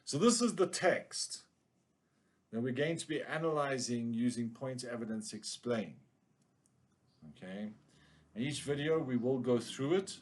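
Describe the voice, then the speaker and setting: Male teacher for a lesson video; relaxed, slow and explanatory, checks in with the class often. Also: mid-range voice. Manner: casual explaining, checks in with "okay?". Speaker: English teacher.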